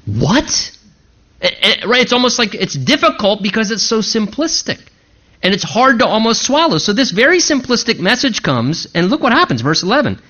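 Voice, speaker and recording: A man delivers a sermon with a high, bright voice that swings widely in pitch. He preaches with animation and sometimes mimics an outraged listener. The recording sounds dull and lo-fi. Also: big pitch swings, normal speed. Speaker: pastor.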